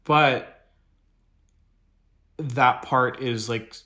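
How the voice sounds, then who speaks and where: A man's voice: mid-range voice, fairly even intonation, very slow, sharp tone. Rambling, reflective male podcast co-host. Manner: reflective, rambling, talks in fits and starts. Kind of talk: casual chat.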